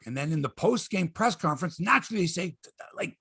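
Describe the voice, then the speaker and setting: Lively, high-voiced Canadian sports host. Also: male voice, brisk, breathy edge, no room sound, clean studio sound. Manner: lively storyteller, swears, mimics others. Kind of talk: animated sports talk.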